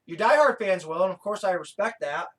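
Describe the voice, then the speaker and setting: A man co-hosting a podcast in casual chat, excitable and profane, often breaking into laughter. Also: high-pitched, brisk. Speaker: podcast co-host.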